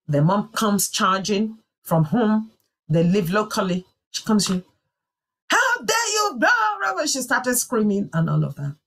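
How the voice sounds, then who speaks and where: A woman telling a personal testimony in a sermon, in an earnest and emphatic way. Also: low-pitched. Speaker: church speaker.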